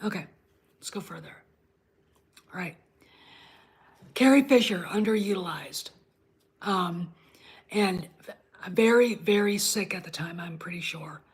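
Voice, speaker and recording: Slow, husky-voiced woman ranting. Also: on the low side. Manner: blunt, profane, ranting; talks straight to a live chat audience. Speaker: host of her own online show. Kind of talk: casual livestream rant.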